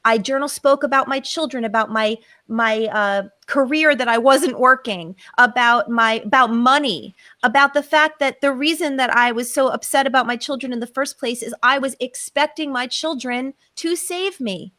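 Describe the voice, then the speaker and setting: Middle-aged woman, bright emphatic storyteller, dry close sound. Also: sits high, normal speed, few pauses, no room sound. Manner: emphatic, acts out her own inner voices. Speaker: psychotherapist guest. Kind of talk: personal storytelling on a podcast.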